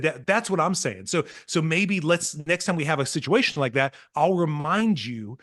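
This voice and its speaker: Earnest, animated man telling stories. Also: a little high, moderate pace, hardly any pauses. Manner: earnest, animated storytelling, acts out quotes. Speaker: guest, parenting speaker. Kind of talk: casual podcast conversation.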